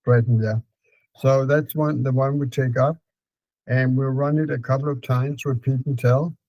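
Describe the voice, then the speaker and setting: A man with a Danish accent calmly guiding a client through a therapy session, repeating prompts slowly. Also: medium pitch, no room sound, lo-fi sound. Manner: calm, repetitive prompting with fillers.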